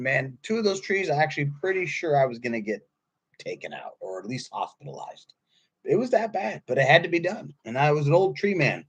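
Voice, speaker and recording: A man in his fifties giving a casual sermon, telling stories in a husky voice that swings from quiet asides to loud bursts. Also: mid-range voice. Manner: animated storytelling, swings from quiet to loud, laughs often. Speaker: pastor.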